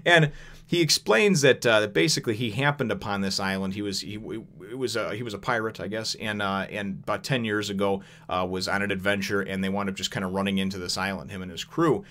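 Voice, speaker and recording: Man, young adult, lowish voice; loose rambling recap, chuckles often. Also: fairly quick, hardly any pauses, a bit bright, a little hiss or hum. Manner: rambling, chuckling, many fillers. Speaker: manga chapter reviewer. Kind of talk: casual recap with commentary.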